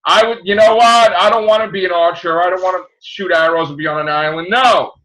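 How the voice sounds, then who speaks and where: A man hosting a casual podcast chat, ranting with shouted mock outrage. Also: high-pitched, fairly quick, slight background noise, low-quality recording. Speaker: podcast host.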